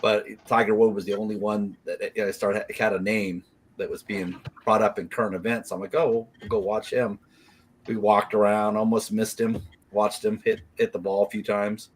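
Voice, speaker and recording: A man's voice: fairly low pitch, little pitch movement, normal speed, slight background noise, poor audio. A man on a podcast telling a rambling anecdote in casual chat. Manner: rambling storyteller. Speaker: podcast co-host.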